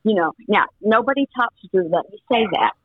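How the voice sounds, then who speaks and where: A woman's voice: medium pitch, expressive, fairly quick, no echo. A talkative woman chats in a rambling, easygoing way, often trailing off and laughing. Her voice comes through dull and muffled, in a dry, close sound, like a phone line. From Missouri. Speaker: guest, host's mother. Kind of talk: casual chat.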